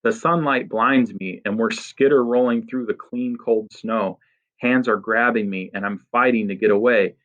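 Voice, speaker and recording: Low-voiced man reading a story. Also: steady tone, normal speed, a bit bright, dull audio. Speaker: audiobook narrator. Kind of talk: first-person storybook reading.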